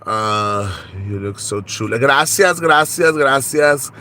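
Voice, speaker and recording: A man's voice: mid-range voice, animated, slow pace, sharp tone, a little hiss or hum. A man voicing a brassy, shameless young Tejana woman, gossiping and code-switching in a confessional comedy vlog. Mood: gossipy. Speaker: vlog character. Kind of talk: comedic character monologue.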